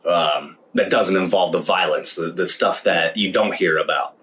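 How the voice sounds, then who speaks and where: Hesitant man with a lowish voice. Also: moderate pace, fairly bright tone, low-quality recording. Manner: hesitant, stumbling restarts. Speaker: podcast co-host. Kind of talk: casual chat.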